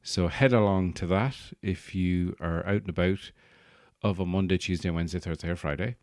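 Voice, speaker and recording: A man's voice: deep voice, steady tone, moderate pace, darkish tone, no echo, clean studio sound. An Irish man hosting a podcast, rambling through a jokey comic monologue and slipping into put-on accents. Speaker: podcast host and stand-up comedian. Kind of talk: casual comedic monologue.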